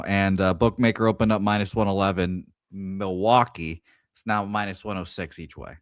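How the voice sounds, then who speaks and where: A man co-hosting a sports betting show, talking casually in an upbeat, polite and slightly halting way. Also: low voice, steady tone, no echo, clean studio sound.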